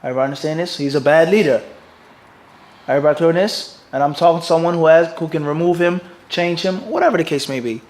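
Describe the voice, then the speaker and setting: A middle-aged mufti with a fairly high voice teaches a hadith class with lively energy, using Arabic terms. He quizzes listeners by pausing on "what?" for them to fill in, and keeps asking, "everybody understand this?"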